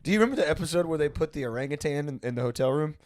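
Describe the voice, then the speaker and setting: A man's voice: a little high, expressive, very fast. A man hosting a casual comedy podcast, telling rambling stories and laughing often. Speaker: podcast host.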